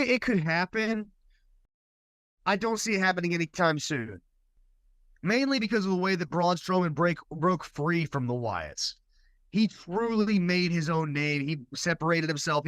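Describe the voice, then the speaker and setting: A man with a high voice co-hosts a casual podcast, rambling and hesitant, often restarting his sentences. The sound is dry and close. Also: animated, measured pace, a bit bright, dry recording. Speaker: podcast co-host. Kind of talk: casual discussion.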